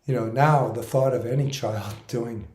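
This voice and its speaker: Mellow-voiced man in his sixties, echoey room. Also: mid-range voice, normal speed. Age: 60s. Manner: earnest, reflective, wandering with self-corrections. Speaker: spiritual musician recounting his experiences. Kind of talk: personal storytelling monologue.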